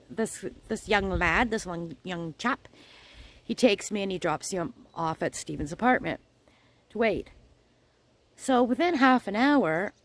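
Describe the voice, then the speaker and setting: A chatty middle-aged woman tells a personal story straight to her viewers, in the easy, informal tone of a home vlog. Her pitch sits in an ordinary middle range for a woman. She slips into the other people's lines as she goes and keeps the talk rolling along. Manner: chatty, animated storyteller acting out both sides of conversations. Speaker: crochet channel host.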